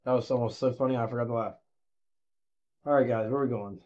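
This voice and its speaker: A man live-streaming his gambling, swinging between low muttered gloom and loud shouted hype, swearing constantly. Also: steady tone, fast talker, muffled recording.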